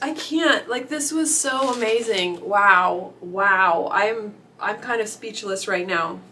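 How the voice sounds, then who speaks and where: A young adult woman vlogging, emotional and gushing, with halting restarts. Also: a little high, fairly bright tone, a little hiss or hum. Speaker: author vlogger. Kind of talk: casual vlog chat.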